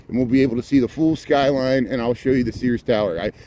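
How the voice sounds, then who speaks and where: A man's voice: medium pitch, fairly even intonation, fast, warm tone. A man talks as he walks through a city park at dawn, filming on a handheld phone and chatting to his livestream viewers. He rambles, repeating words and restarting his sentences, and sounds a little out of breath. Traffic hum and street sounds sit faintly behind his voice. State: slightly out of breath from walking. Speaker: walking livestream host. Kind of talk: casual live walking commentary.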